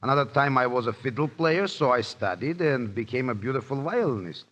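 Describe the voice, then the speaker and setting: A man's voice: mid-range voice, expressive, fairly quick, fairly bright tone. Playful boastful man on old radio. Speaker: actor joking with the host. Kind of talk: scripted comic radio banter. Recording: dull lo-fi 1930s radio broadcast.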